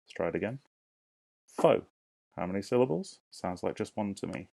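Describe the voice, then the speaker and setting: In this recorded class for little kids, a primary school teacher speaks in a deep, gravelly voice that is expressive and a little mellow. He goes slowly and encouragingly, enunciating every word and asking the children to join in.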